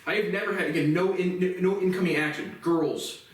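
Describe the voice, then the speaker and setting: A man in his twenties in an agitated, profane rant to camera, his voice rising into shouts. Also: high voice, fairly even intonation, fairly quick. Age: 20s. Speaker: vlogger. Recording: very echoey room, far from mic.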